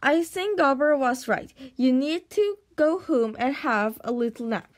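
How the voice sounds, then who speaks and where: A woman's voice: sits high, expressive, measured pace. A woman voicing a sensible young boy who talks in a soothing, worried way.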